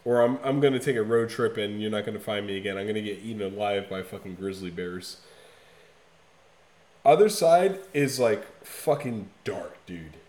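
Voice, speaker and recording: A man in casual podcast chat, talking emphatically and with a lot of swearing, swinging from loud bursts to low, quiet stretches. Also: moderate pace, reverberant. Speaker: podcast co-host. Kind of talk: casual chat reviewing an album.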